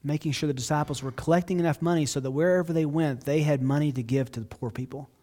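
A man with a somewhat high voice delivers a sermon as a pastor, earnest and conversational. He turns to his listeners with asides and moves between hushed, quiet stretches and sudden loud, emphatic bursts. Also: quick pace. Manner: dynamic, swings from hushed to loud outbursts.

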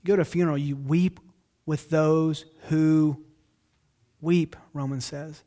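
Male pastor, fairly high voice, earnest conversational sermon, dynamic from hushed to loud. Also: steady tone, unhurried. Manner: earnest, conversational preaching with asides to listeners.

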